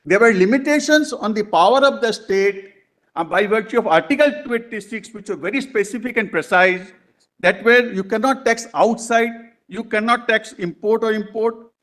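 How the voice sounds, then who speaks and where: A man's high-pitched, slightly bright voice is heard arguing a legal case in a courtroom. He addresses the bench as "my lord" over and over, his delivery marked by halting restarts.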